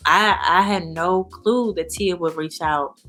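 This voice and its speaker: A woman speaking as an interview guest in a candid, animated way, full of "you know" and "like". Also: on the low side, slow pace, soft background music. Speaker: guest, founder of a support organization. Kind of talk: casual interview chat.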